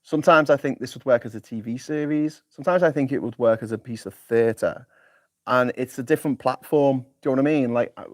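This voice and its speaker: Man, casual stream chat, rambling, middle pitch, dry close sound. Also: dry recording. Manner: rambling, self-deprecating, stumbles and repeats words. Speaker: host. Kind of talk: casual live-stream chat reading comments.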